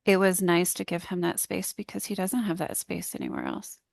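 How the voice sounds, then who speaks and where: A woman's voice: fairly low pitch, huge pitch swings, normal speed, gravelly, dry recording, clean studio sound. A woman, a business coach and public speaker, telling an earnest, heartfelt story in a casual podcast conversation.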